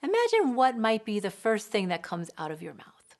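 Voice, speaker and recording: A woman parenting educator who explains clearly and gives examples from family life. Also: on the high side, huge pitch swings, moderate pace, a little mellow. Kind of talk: explanatory teaching talk.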